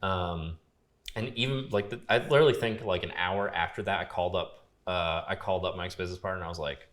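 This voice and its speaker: Low-voiced laid-back young man. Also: brisk, bright, forceful tone. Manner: laid-back, lots of fillers, quoting others. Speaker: podcast guest, grip and gaffer. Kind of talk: casual storytelling conversation.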